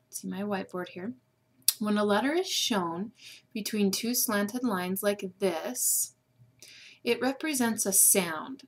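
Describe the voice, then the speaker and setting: A woman teacher giving a patient spelling lesson to students over a webcam, slowly sounding out letters and syllables. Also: medium pitch. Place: room with a whiteboard. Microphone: webcam microphone.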